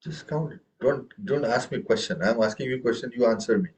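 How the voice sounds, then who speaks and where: A man teaches a tabla class to a room of students, his medium-pitched voice brisk and a little mellow. He explains patiently, checking in often with "okay" and "right?", and chants the rhythm syllables aloud for everyone.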